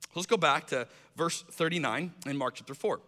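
Animated, bright-voiced male pastor in a reverberant hall. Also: on the high side, brisk. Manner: animated storytelling, acts out voices. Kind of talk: sermon.

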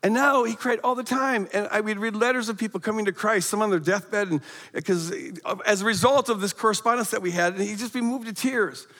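A middle-aged man giving a guest sermon, telling a personal story with animated, emphatic rises and frequent stammered restarts. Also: high voice, brisk. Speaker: guest speaker. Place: church sanctuary. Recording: long hall reverb.

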